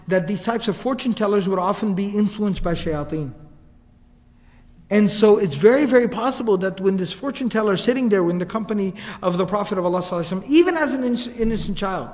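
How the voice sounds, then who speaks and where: A man telling a religious story in a lecture, in a casual, animated way, acting out the quotes. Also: sits high, long reverb tail. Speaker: Islamic lecturer.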